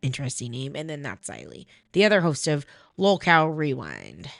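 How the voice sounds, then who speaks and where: A woman's voice: extremely low pitch, huge pitch swings, moderate pace, vocal fry, no echo, clean studio sound, faint music behind. A woman hosting, commenting casually and chattily, with frequent asides and swearing. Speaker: host.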